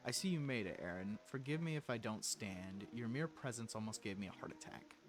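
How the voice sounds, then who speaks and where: A man's voice: lowish voice, expressive, brisk, over music, close to an everyday voice. A man voicing a cold, sarcastic older aristocratic mother in a story game, speaking in a dry, cutting way.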